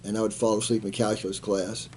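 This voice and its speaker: A man in his seventies, a retired Army colonel, telling animated stories in an interview and acting out the quotes. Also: fairly low pitch, fast talker, a little hiss or hum. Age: 70s. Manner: animated anecdote teller, acts out quotes, laughs. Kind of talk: storytelling in an interview.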